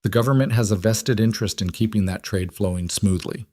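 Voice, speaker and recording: A man voicing a smooth federal marshal from the East with an Eastern accent, speaking in a neutral, professional tone. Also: fairly low pitch, fairly quick, a little mellow, no echo, natural voice. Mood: cool. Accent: Eastern American.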